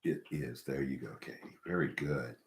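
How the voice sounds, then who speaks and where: A deep-voiced man from the American South who hosts a live stream. He chats with viewers in a rambling, emphatic way and keeps repeating his points. His voice rings in an echoey room. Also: normal speed, slight background noise. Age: middle-aged or older. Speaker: host of a paranormal live stream.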